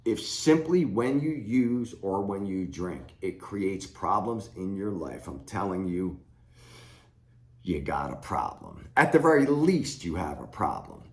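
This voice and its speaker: A recovery coach in middle age gives frank, plain-spoken advice to camera, his low, darkish voice sing-song and measured in pace. The room he's recorded in is echoey.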